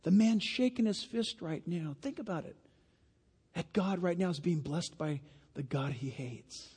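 A man's voice: high voice, a little slow, a little mellow, slightly rough. A man preaching a sermon, emphatic and full of stories. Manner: emphatic, storytelling. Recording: long hall reverb.

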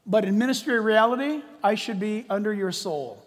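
Pastor guy preaching, high voice, goes from yelling to almost whispering, long hall echo. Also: fairly quick. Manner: preaching with big swings from shouting to hushed. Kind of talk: sermon. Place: church sanctuary. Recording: long reverb of a large hall.

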